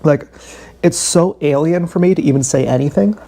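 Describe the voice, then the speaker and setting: A man's voice: a little high, a little fast, creaky, mellow. A man telling a long, candid, swearing story about his day in a rambling vlog. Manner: swearing, candid, self-deprecating, repeats himself. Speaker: vlogger.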